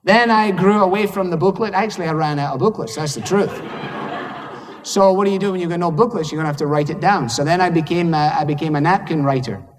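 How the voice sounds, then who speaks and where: A man's voice: fairly high pitch, quick pace, long reverb tail. A man with a Scottish accent preaching a sermon in a conversational, humorous way, acting out little dialogues. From Scotland.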